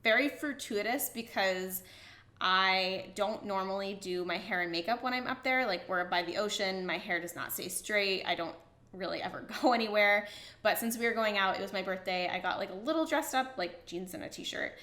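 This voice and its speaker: A young woman chats to the camera in an eager, gushing voice, her words peppered with "like." Her tone is bright and forward. The sound carries a noticeable room echo. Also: mid-range voice, normal speed. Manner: gushing, excited, with frequent "like" fillers. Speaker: vlogger. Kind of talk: casual storytelling to camera.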